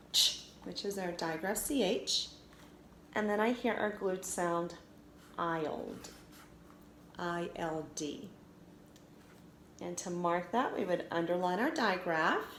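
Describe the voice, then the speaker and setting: Slow, careful woman teaching phonics. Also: mid-range voice. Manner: slow, clear, sounding out letters. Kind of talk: recorded phonics lesson for children. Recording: echoey room with faint noise.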